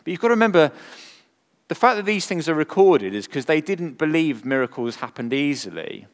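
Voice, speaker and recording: Earnest preacher in a reverberant hall. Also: male voice, on the high side, animated, fairly quick. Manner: earnest, rhetorical questions, swings from emphatic to hushed. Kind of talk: sermon.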